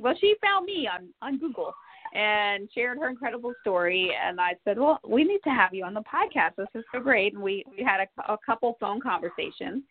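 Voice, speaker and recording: A woman hosting a podcast, asking guests questions in a casual, effusive and animated way. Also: fairly high pitch, no room sound. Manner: animated, effusive, lively storytelling. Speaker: podcast host. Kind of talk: casual interview. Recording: tinny phone-like line with faint noise.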